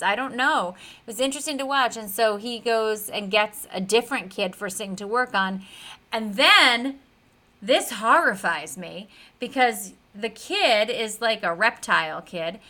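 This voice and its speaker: A woman co-hosting a podcast, retelling a TV episode in a chatty, animated way with plenty of fillers. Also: on the high side, measured pace. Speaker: podcast co-host. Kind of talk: casual recap of a TV episode.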